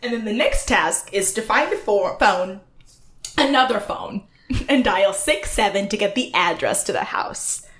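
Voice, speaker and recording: A woman's voice: mid-range voice, animated, unhurried, fairly bright tone, reverberant. A young woman co-hosting a podcast, chatting casually and giggling as she recaps a TV show. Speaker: podcast co-host.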